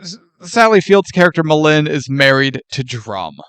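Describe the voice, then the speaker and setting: A man co-hosting a movie podcast, chatting casually and acting out quoted lines with lively laughter. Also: fairly high pitch, moderate pace, smooth, dry recording. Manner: animated, laughs often, acts out quoted lines. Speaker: podcast co-host.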